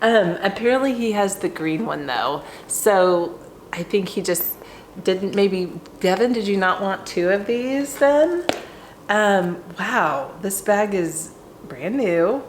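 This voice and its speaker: Woman, unboxing vlog, effusive, slow unhurried talk, echoey room at home. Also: medium pitch, lively intonation, slight background noise. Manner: gushing, effusive, lots of ums. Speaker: handbag vlogger. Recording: roomy echo.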